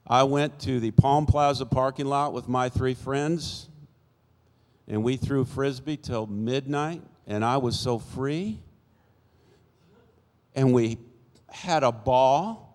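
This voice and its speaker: A man's voice: medium pitch, slow pace, darkish tone. A man in his sixties telling his life story as a church testimony in a folksy storytelling way, acting out the people in it. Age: 60s. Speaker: church speaker giving testimony. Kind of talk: sermon-style personal testimony. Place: church sanctuary. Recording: long church-hall reverb.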